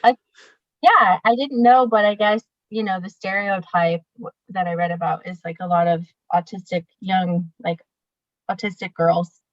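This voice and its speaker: A woman's voice: fairly low pitch, steady tone, normal speed, no echo. A young woman, a guest, talking candidly with lots of fillers and laughs over a video call. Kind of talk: casual interview chat. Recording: dull dry video call audio.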